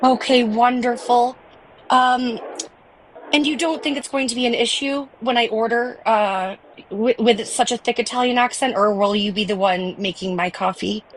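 A woman's voice: on the high side, fairly even intonation, normal speed, noisy background, close to an everyday voice. A woman playing a caller who fakes a thick Italian accent, rambling and overly polite on a prank phone call. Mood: mock-earnest.

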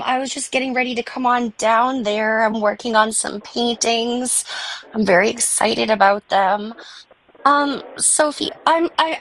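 A woman's voice: on the high side, fairly bright tone. A woman playing a caller who fakes a thick Italian accent, rambling and overly polite on a prank phone call.

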